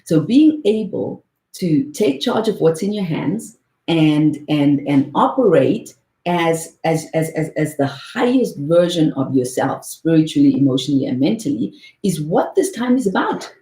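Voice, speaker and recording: A woman's voice: sits low, expressive, a little slow, dark tone, reverberant, low-quality recording. A woman in her forties teaching meditation on a call in an earnest way, often repeating words for emphasis and checking in with "right?". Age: 40s. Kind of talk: motivational talk on a call.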